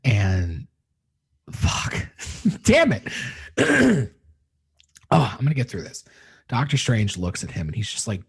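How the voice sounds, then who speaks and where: Husky-voiced man gushing in a podcast. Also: on the low side, big pitch swings, takes it slowly, pauses often. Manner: emotional, heavy swearing, rambling retelling. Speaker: podcast host reviewing a film. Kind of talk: casual spoiler review monologue.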